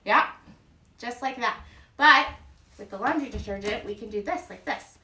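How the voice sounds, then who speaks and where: A mom leads a casual workout in a room at home, chatty and upbeat as she counts reps aloud. Her voice is a little high and sharp at a moderate pace, and it sounds distant in an echoey room.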